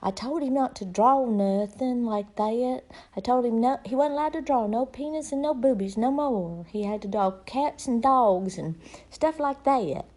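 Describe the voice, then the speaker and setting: A woman's voice: a little high, moderate pace, a little mellow. A middle-aged woman telling a rambling, folksy comic story in a casual monologue.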